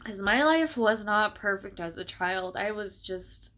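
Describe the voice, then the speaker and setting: A young adult woman in a personal, reflective monologue, speaking in a halting, emotional way and close to tears. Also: mid-range voice, animated, fairly bright tone. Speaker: vlogger.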